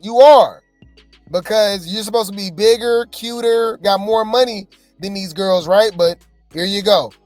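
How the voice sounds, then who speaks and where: Chatty opinionated reaction host, dry sound. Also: female voice, mid-range voice, a little slow, darkish tone, no room sound, faint music behind. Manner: chatty, opinionated, addresses viewers directly. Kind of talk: casual reaction commentary.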